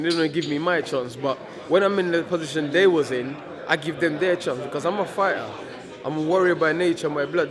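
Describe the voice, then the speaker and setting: A man, a heavyweight boxer in a casual press interview, talking defiantly and repeating himself, stumbling over words. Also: fairly high pitch.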